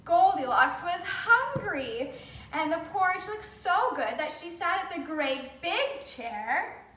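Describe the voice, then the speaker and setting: High, lively woman reading to kids. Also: takes it slowly, slight background noise. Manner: animated, speaking to children. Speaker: children's storyteller. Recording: roomy, from a distance.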